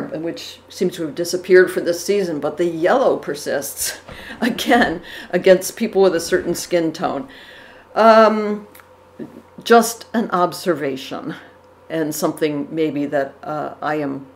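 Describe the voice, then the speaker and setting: A woman giving casual reaction commentary on portrait paintings, thoughtful, with fillers and self-corrections. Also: on the low side. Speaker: art commentator. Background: dogs barking.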